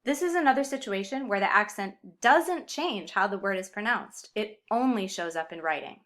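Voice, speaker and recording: A woman explaining grammar in a clear, upbeat video lesson with Spanish example words. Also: medium pitch, animated, normal speed, a bit bright. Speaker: Spanish teacher.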